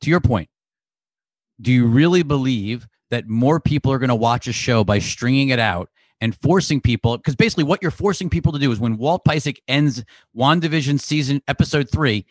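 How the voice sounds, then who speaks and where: A man's voice: medium pitch, animated, a little fast, no echo. A man co-hosting a podcast, talking in an emphatic, opinionated way as he argues his points. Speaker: podcast co-host. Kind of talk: casual chat.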